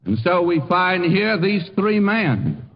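An older man preaching a sermon in earnest, drawing out key phrases slowly for emphasis. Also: sits high, big pitch swings, long reverb tail, highs cut off. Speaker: pastor. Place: church sanctuary.

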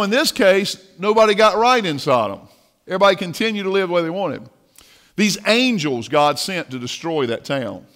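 A man's voice: on the high side, fairly bright tone. A male pastor preaches a sermon in a church, telling a story and asking the congregation questions. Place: church sanctuary. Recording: long reverb of a church hall.

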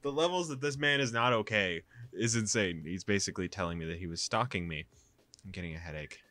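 A man's voice: fairly low pitch, fairly quick, sharp tone, dry recording. A young man reading a visual novel aloud, with casual, exasperated asides. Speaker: gaming YouTuber.

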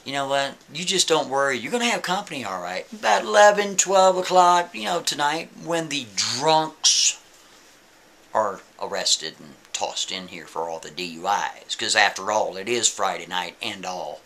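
Man voicing a jailer, taunting and offhand, bright voice. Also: medium pitch, animated, normal speed. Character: jail officer taunting a new inmate.

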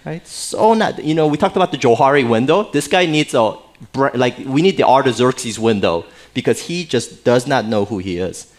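A man preaching from the pulpit as pastor, his voice sitting at an ordinary middle pitch. He talks to the congregation in a loose, conversational way, tossing in jokes and frequent "right?" asides. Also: animated, normal speed. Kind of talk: sermon. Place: church sanctuary.

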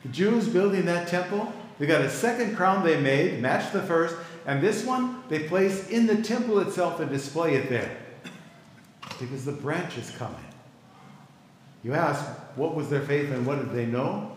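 A man's voice: on the high side, animated, normal speed, a little hiss or hum. A middle-aged male pastor teaching a Bible class in a conversational way, stopping to ask the class for reactions. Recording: echoey hall with long reverb.

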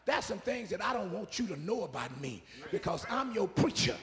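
A man a call-and-response sermon, repeating his phrases and swinging from soft asides to shouts. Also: sits high, very animated, moderate pace. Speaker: preacher. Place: church sanctuary. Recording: preaching in a reverberant church hall.

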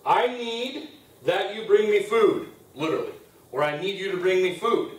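A male teacher gives a classroom lecture, walking through each point patiently and pausing to ask "okay?". His voice sits a little high for a man. He is picked up from a distance, with the echo of a classroom around him. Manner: explains step by step, checks in with "okay?". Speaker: Spanish teacher. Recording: roomy classroom sound from a distance.

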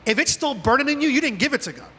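Animated high-voiced male pastor preaching. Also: rapid-fire, long reverb tail. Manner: animated preaching, acts out dialogue with God. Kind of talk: sermon. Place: church sanctuary.

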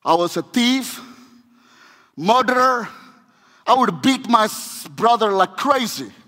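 A man with an Indian accent preaching a sermon, swinging between shouting and hushed delivery, with humorous asides. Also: very high-pitched, expressive, slow. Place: church sanctuary. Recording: long reverb of a church hall.

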